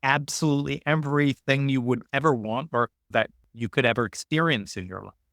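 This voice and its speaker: Guy hosting a deep chat, thoughtful, voice jumps up on the big points, dead dry sound. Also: a little fast, a bit bright, dry recording. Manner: thoughtful, emphatic, rises in pitch to stress points. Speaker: podcast host. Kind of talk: reflective conversation.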